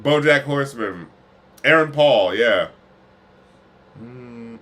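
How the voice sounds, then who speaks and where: A man's voice: mid-range voice, expressive, slow pace, a bit bright. A man streaming a music reaction, retelling a video in a loose, profane, laughing way. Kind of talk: casual reaction commentary.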